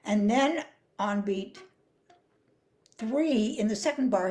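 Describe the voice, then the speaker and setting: A woman's voice: on the high side, expressive, slow pace, a little mellow, faint music behind. An older woman teaching flute phrasing, explaining patiently and singing rhythms and counting beats aloud. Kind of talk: music masterclass.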